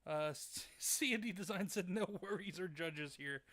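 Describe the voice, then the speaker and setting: A man's voice: high-pitched, normal speed, fairly bright tone, no room sound. A man hosting a live game stream from home, reading chat messages aloud and teasing his wife. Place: home, at the gaming setup. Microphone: desk mic left live.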